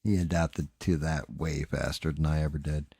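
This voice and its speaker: A man with a New Jersey accent, hosting a casual live stream while painting, talking fast, rambling and swearing. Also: very deep voice, fairly even intonation, a little mellow, breathy edge, no echo, studio quality. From New Jersey, USA.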